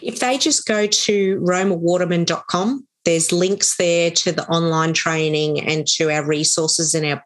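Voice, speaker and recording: A woman, a prophetic minister and choir leader, telling lively stories as a podcast guest. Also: deep voice. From Australia. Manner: animated storyteller, acts out quoted voices. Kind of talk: storytelling in a podcast interview.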